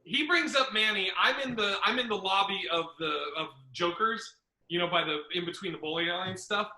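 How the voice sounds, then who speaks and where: A man hosting a podcast, a stand-up comedian telling stories in a casual, profane and animated way. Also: high-pitched, fairly quick. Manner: profane, animated, acts out other people's lines. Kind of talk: casual storytelling chat. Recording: roomy echo.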